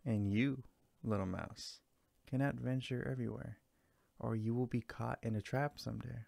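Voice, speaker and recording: A man voicing a greedy, sly female cat in a read-aloud fairy tale, in a cool, calm manner. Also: medium pitch, moderate pace, creaky, dry recording. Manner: calm, cool storybook delivery.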